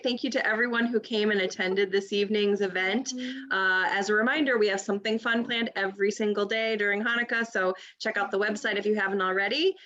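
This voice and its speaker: A woman hosting an online event, thanking the storyteller and giving relaxed closing announcements with a few fillers. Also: medium pitch, highs cut off. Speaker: event host. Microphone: video call.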